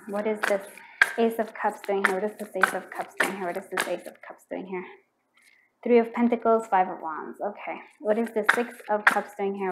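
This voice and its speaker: Woman doing a tarot reading to camera, mid pitch, rambly, says like a lot, mutters while pulling cards. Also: a little fast, heavy background noise. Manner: chatty and rambling, full of "like" and restarts; murmurs repeated questions while drawing cards. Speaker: tarot card reader.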